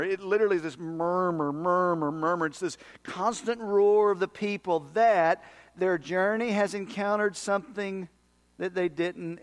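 Preacher, man, fairly high voice, dramatic sermon delivery with sudden hushed asides and shifting pace. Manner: dramatic swings from loud emphasis to hushed, near-whispered asides; speeds up and slows down for emphasis. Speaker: pastor.

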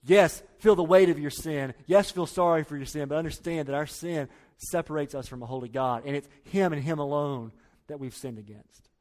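Emphatic man preaching a sermon. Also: normal speed. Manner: emphatic, repeats key phrases, drops to low quiet lines. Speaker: pastor.

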